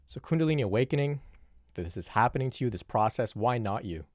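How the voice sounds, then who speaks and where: A man with a deep, low-pitched voice answers viewer questions on his own, talking in a reflective, unhurried way. He often restarts his sentences and drops in "you know" as he thinks aloud. The recording is dry and close, with no room sound. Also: lively intonation, a little mellow, no room sound. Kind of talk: solo Q&A monologue.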